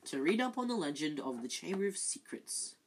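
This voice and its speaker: A reader voicing a studious, bossy teenage schoolgirl who speaks clearly and severely. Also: mid-range voice, big pitch swings, brisk, a little hiss or hum. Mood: insistent.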